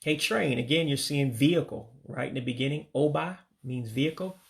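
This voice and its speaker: An American man giving a casual vocabulary lesson, saying each word slowly, repeating it, then giving its English meaning. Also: medium pitch, gravelly. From United States. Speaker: language learner teaching vocabulary.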